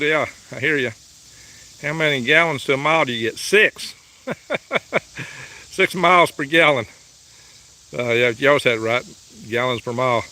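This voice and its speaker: A man's voice: a little high, sharp tone. A man, hosting a casual live vlog from his farm and reading viewer messages aloud in a chatty, folksy way. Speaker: livestream host. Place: outdoors on a farm, in and around a truck. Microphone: phone held by the speaker.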